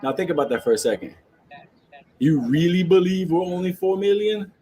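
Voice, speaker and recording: A man's voice: sits high, normal speed, dark tone, poor audio. A man, ranting about the stock market to his viewers in a brash, profane, joking way, laughing often.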